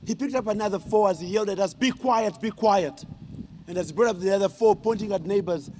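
A Ugandan man receiving an honorary degree gives a humorous ceremonial speech, teasing the audience with questions. His high, warm voice races along very fast over slight background noise.

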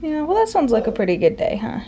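A woman's voice: high voice, sing-song, quick pace, dark tone, slight background noise. A woman chatting casually in a home vlog, often laughing and speaking sing-song to her children, recorded on a handheld camera. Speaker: family vlogger and mother. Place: family home indoors.

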